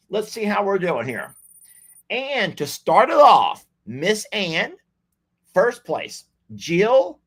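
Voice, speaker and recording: A man's voice: on the high side, fairly bright tone. A man hosting a live game night stream, chatting in a folksy way and reading viewer comments aloud. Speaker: livestream game host.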